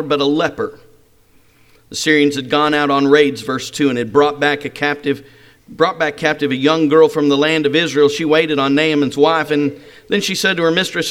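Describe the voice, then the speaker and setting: A middle-aged man preaching a sermon, telling a story with lively rhetorical questions. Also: fairly high pitch.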